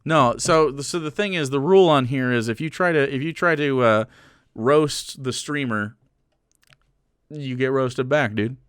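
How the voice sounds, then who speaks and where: A man's voice: medium pitch, unhurried, fairly bright tone, smooth, dry recording, studio quality. A man livestreaming, ranting casually to his chat in a crude, mocking and combative way with sarcastic asides.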